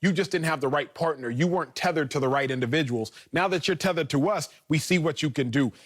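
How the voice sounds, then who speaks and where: A man's voice: on the high side, quick pace. A man co-hosting a sports talk show, arguing his point confidently and building lists. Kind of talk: sports debate.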